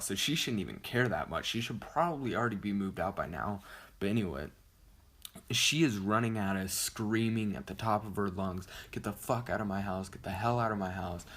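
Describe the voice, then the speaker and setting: A man's voice: on the low side, fairly bright tone. A young man telling a story casually on his vlog, rambling and correcting himself, with lots of "like" and "you know". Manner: rambling, self-correcting, heavy use of "like". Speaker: vlogger.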